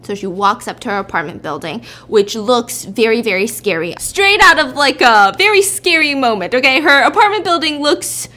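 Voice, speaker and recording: A woman's voice: a little high, very animated, moderate pace, few pauses, pushed and bright. A woman chatting and laughing as she retells a story while cooking in a home kitchen. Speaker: vlogger.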